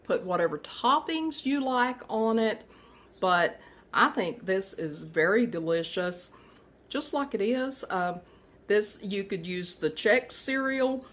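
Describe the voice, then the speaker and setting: A woman's voice: medium pitch, expressive, slow pace, fairly bright tone. A woman hosting a home cooking video, talking viewers through a recipe in a homey, chatty way. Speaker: recipe channel host. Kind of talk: casual cooking demo.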